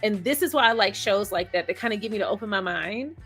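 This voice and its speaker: Bright-voiced woman chatting with a live stream. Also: mid-range voice, lively intonation, fast talker, slightly rough, faint music behind. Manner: chatty, laughs often, greets viewers by name. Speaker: host of a live stream discussion. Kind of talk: casual live chat reading viewer comments.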